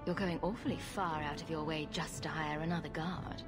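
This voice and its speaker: An actress as a guarded young game heroine. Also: female voice, deep voice, fairly even intonation, a little fast, natural voice. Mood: skeptical. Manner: guarded, skeptical. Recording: game audio with music. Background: background music.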